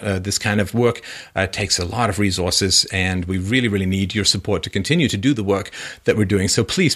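A male podcast host giving sarcastic political commentary, mocking and swinging into high voices when he quotes. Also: a bit bright.

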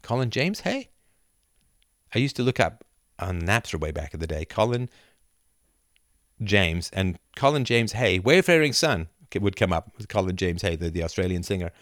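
A middle-aged man hosting a live video chat, reading viewer comments aloud and riffing with animated laughter. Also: low-pitched, normal speed, dry recording, clean studio sound. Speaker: livestream host answering chat. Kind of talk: casual live-stream chat. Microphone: camera and mic on a live video chat.

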